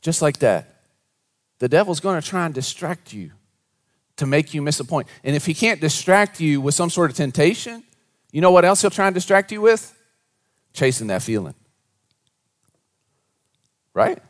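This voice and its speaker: A man preaching a sermon to a congregation, moving between hushed, low asides and animated, raised storytelling. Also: normal speed, pauses often. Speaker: pastor.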